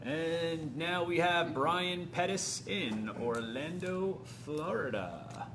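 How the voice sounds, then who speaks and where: A man's voice: on the high side, slow pace, noisy background. A man hosting a live online autograph signing, chatting about wrestling and reading out fan names and orders. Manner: reads out fan names and towns, plugs the website. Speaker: host of live virtual signing. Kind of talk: casual live-stream hosting.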